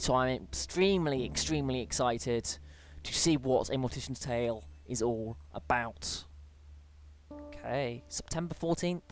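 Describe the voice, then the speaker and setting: A British speaker in a relaxed let's play, reading in-game emails and letters aloud and breaking off for chatty asides. The voice sits at a middle pitch but jumps up now and then on greetings, and the reading has small stumbles and restarts. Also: unhurried, faint music behind. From Britain. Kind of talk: casual gameplay commentary, reading on-screen emails aloud.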